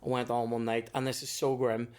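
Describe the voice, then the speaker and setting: A man's voice: mid-range voice, level tone, a little fast, a little mellow. A man with a Northern Irish accent, a comedian telling stories in casual chat, swearing freely and acting out the people in them. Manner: swears freely, acts out others in his stories. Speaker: comedian guest.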